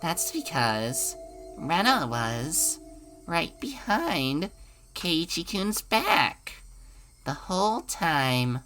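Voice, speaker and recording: A woman voicing a sweet yet menacing teenage girl in a visual novel, speaking in a soft, sing-song, eerily gentle way. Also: sits low, sing-song, drawn-out words, soft background music, exaggerated voice. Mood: eerie sweet.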